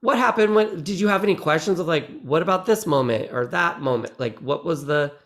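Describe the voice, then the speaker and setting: A man's voice: on the high side, a little fast, fairly bright tone. Chatty, meandering middle-aged man. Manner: chatty, meandering, self-deprecating. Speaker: guest actor. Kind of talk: casual interview chat.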